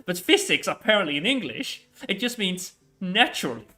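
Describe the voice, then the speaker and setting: A man streaming a city-building game in casual chat, rambling with lots of fillers and quick laughs. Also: high-pitched, very animated, bright, forceful tone, soft background music. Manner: rambling, hesitant, full of fillers and frequent laughs. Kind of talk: casual live-stream chat while playing.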